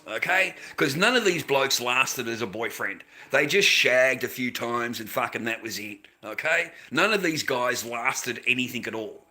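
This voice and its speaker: A man tells a profane story in blunt, blokey chat. He keeps calling the listener mate and bro. His voice is bright and sharp, at an ordinary pitch for a man. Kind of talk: casual crude storytelling.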